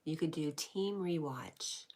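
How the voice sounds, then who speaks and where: Low-voiced soft-spoken woman, half whispering. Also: slow, noisy background. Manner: warm, affectionate replies with frequent laughs. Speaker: livestream host. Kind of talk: reading and answering live chat.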